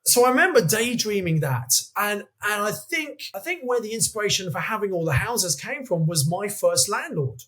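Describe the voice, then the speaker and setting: A man in his fifties, a podcast guest telling animated anecdotes in a chatty way. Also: sits high, normal speed, few pauses. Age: 50s. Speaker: guest, property investor. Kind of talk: podcast interview storytelling.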